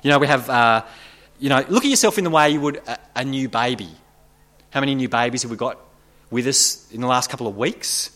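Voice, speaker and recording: A man's voice: mid-range voice, fairly quick, fairly bright tone. A man preaching a sermon to his congregation, earnest and building to emphatic, rising passages.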